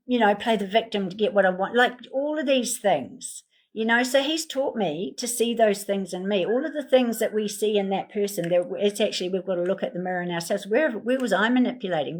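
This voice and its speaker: A woman guides listeners through an emotional healing meditation. She talks in slow, soothing, repetitive prompts with a steady mid-range voice and plenty of casual fillers. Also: medium pitch. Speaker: healing facilitator.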